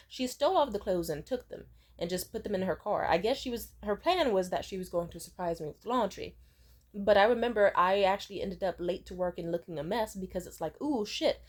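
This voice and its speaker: A woman in her twenties telling personal stories in a casual vlog, blunt and profane, with lively swings in pitch and loudness. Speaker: vlogger. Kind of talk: casual storytime monologue.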